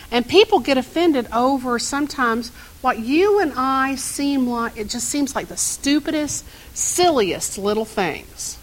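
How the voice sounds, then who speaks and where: A woman minister delivers a sermon at an unhurried pace, her voice sitting a little high. She tells stories and turns to the congregation with questions. She sounds middle-aged. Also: expressive, poor audio. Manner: storytelling, asks the congregation questions.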